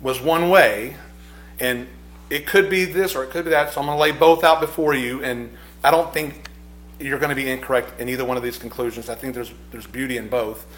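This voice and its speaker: A man's voice: medium pitch, steady tone, fairly quick, a bit bright, reverberant. A man preaching a sermon, reflective and repeating his phrases, rising with emphasis on key points.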